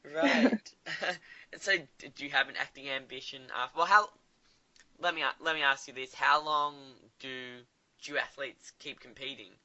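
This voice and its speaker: A man's voice: medium pitch, unhurried, sharp tone. A man interviewing a guest in a chatty, casual way, laughing along with her answers. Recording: dull lo-fi audio.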